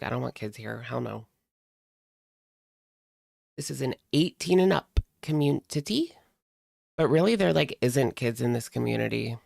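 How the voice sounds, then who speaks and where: A man with a strongly gravelly, fry-laden voice chats casually as a stream host, reading viewer comments and peppering his talk with "like." His voice sits at a middling pitch and sounds dry and close to the mic. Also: dry recording. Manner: chatty, frequent "like" fillers, laughs often.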